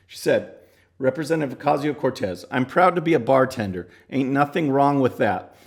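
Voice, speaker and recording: A man's voice: mid-range voice, normal speed, creaky. A man hosting a political commentary show, talking casually with scornful asides. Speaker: podcast host.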